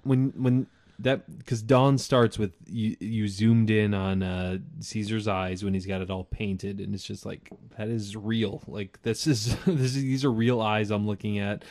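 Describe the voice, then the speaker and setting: A man's voice: on the low side, measured pace. A young man co-hosting a casual movie review chat, loose and easygoing, with many fillers, and he has the hiccups. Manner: relaxed, loose, lots of fillers and "like". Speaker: podcast co-host.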